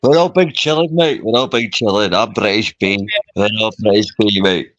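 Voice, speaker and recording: A man's voice: on the low side, moderate pace, fairly bright tone, dry recording. A man in a casual voice chat, rambling, slangy and swearing a lot. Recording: dull garbled online call audio.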